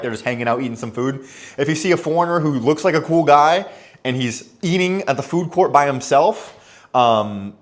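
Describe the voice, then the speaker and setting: A young man speaks straight to camera in a relaxed, chatty vlog. He sits at an ordinary middle pitch, rambles loosely, and slips into little acted-out exchanges as he goes. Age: young adult. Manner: chatty, loose and conversational, acts out little dialogues. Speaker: expat vlogger. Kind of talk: casual advice vlog.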